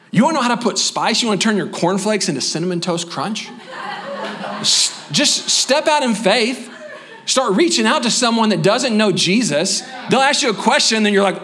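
High-voiced, fired-up male pastor preaching. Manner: energetic, animated preaching with quick asides and humor; drops to a soft, slow voice for closing prayer. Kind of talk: sermon. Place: church sanctuary.

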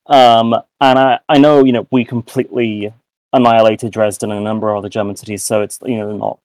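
A man's voice: on the low side, flat delivery, fast, darkish tone, dry recording, rough recording. A young British man, a podcast co-host, talking in a rambling casual way with many restarts and self-mocking asides. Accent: British English. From United Kingdom. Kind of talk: casual chat.

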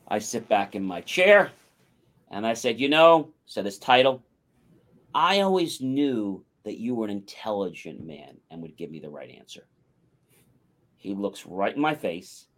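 Man, talk show co-host, storytelling, lively pitch, acts out dialogue. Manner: animated anecdote with acted-out quotes. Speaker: podcast co-host. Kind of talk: casual storytelling.

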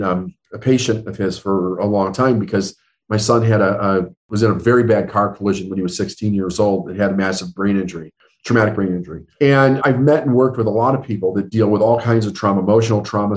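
A middle-aged man, a business coach being interviewed, telling stories earnestly and acting out the dialogue he quotes. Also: lowish voice. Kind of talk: storytelling interview answers.

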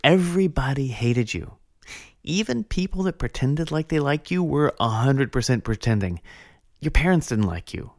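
A man voicing an old male desert monk who speaks slowly and mock-solemnly to a corpse, as if teaching a lesson. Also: mid-range voice, lively intonation, a little mellow, no echo, clean studio sound, pitched above the performer's own voice, natural voice. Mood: mock scorn.

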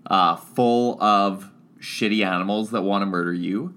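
Male co-host, low voice, sharp tone, sarcastic deadpan banter. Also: measured pace, clean tone. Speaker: podcast co-host. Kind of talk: casual comedic chat.

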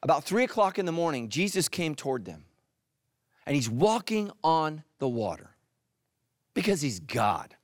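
Animated pastor preaching, dry close sound. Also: male voice, fairly high pitch, normal speed, no echo. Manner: animated preaching, swings from loud to hushed. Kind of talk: sermon.

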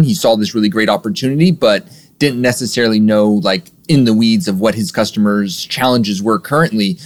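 Man, low voice, casual interview guest explaining his business, lots of "you know". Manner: relaxed, filler-heavy explaining. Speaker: guest, software agency owner.

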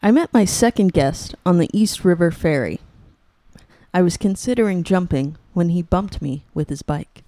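A woman hosting a comedy podcast who talks in a dry, deadpan way. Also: lowish voice, normal speed, no echo. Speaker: podcast host. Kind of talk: improvised comedy interview.

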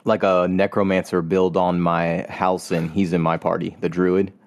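A man's voice: sits low, flat delivery, normal speed. A man co-hosting a casual gaming podcast, explaining his playthrough in a laid-back, matter-of-fact way. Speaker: podcast co-host.

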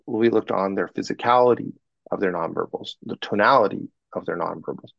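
A man working as a communication coach, telling animated stories about clients and acting out what they said in an interview. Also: fairly low pitch, brisk, gravelly, no echo, lo-fi sound. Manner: animated anecdotes, acts out clients in quoted voices. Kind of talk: podcast interview, storytelling.

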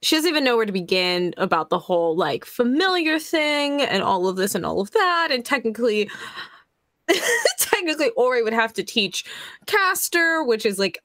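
A woman's voice: fairly high pitch, very animated, moderate pace, a bit bright, no room sound, studio quality. A woman playing in a tabletop game, joking and giggling with the group. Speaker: player.

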